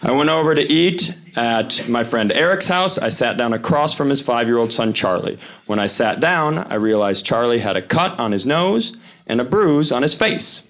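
A man performing a stand-up comedy routine, telling a story with animated delivery that climbs into near-shouts at the punchlines. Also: mid-range voice, normal speed. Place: stage before a live audience.

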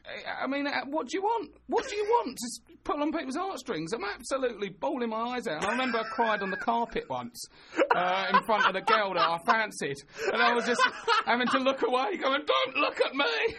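A man's voice: very high-pitched, expressive, brisk, few pauses, a crowd in the background. A man, co-hosting a casual chat show and joking as he rambles through stories. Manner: jokey, rambling, slips into silly voices. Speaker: podcast co-host.

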